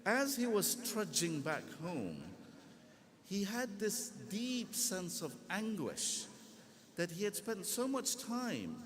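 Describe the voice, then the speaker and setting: A man giving a religious lecture to a gathering, telling a story in an animated way and acting out the quotes, through a PA in a large hall. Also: fairly high pitch. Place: large echoey hall with congregation. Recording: echoey hall with background noise.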